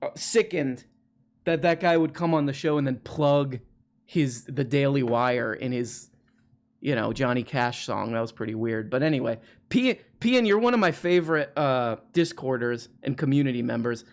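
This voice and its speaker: A man's voice: mid-range voice, normal speed. A man hosting a live stream, chatting casually and jokingly with a caller, with lots of restarts. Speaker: livestream host.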